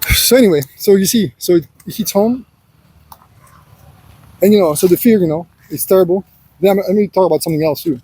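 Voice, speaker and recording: A man with a fairly high voice delivers a loose, rambling monologue, circling back with constant filler phrases. His tone is mellow and a little husky, and he slips into a preachy, lecturing manner, addressing the listener as "son". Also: fairly quick, pauses often, dry recording. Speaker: vlogger. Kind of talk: unscripted personal monologue.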